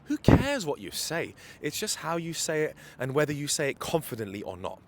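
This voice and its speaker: A man's voice: a little high, sing-song, moderate pace, slight background noise. A man giving dating advice as a coach in a walking vlog, filmed on a handheld phone outdoors, emphatic and repeating his key points. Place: city street outdoors.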